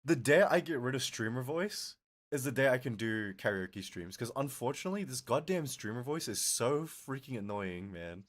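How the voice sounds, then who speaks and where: Male streamer, lively swooping delivery, laughs a lot, voice worn from talking. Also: medium pitch, moderate pace. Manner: animated, laughs often, answers chat. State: strained, tiring voice. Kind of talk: casual live-stream chat.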